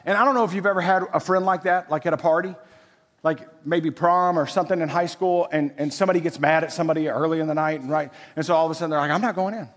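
A male pastor in his forties preaching with a conversational, animated delivery, peppering the congregation with rhetorical questions. His voice sits high for a man. The room carries a long, ringing reverb. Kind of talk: sermon. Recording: echoey hall.

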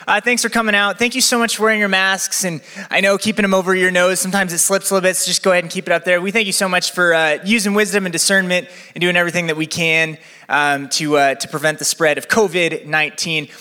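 A young man preaching a sermon as campus pastor, chatty and energetic with a live crowd. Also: sits high, fast talker, hardly any pauses, clear, resonant tone. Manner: energetic, chatty, acts out quotes. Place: church venue with balcony. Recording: long hall reverb.

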